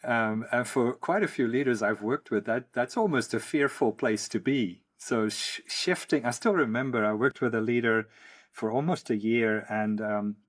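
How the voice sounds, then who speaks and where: A man from the Netherlands hosting an interview as a coach, speaking in a measured, reflective way. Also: mid-range voice. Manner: measured, reflective, frequent hums of agreement. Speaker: podcast host, coach. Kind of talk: conversational interview.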